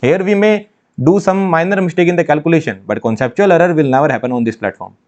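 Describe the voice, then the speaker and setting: Speaking at a quick pace, a man with a slightly high voice and darkish tone teaches engineering maths in an online lecture aimed at exam prep. He's emphatic, often repeating phrases and asking questions he doesn't expect answered, on dull lo-fi audio.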